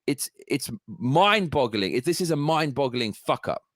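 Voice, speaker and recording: A man's voice: mid-range voice, big pitch swings, unhurried, a bit bright, no room sound, studio quality. Furious, foul-mouthed man ranting. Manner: profane, heated, sarcastic ranting. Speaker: political commentator. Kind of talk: angry political rant.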